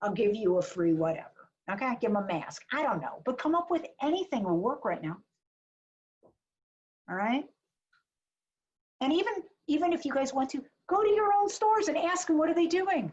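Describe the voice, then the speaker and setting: A woman's voice: high-pitched, lively intonation, moderate pace, a little mellow. A woman marketing advisor giving a chatty, blunt webinar talk full of jokes and asides over a video call. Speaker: small business marketing advisor. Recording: dull lo-fi webinar audio.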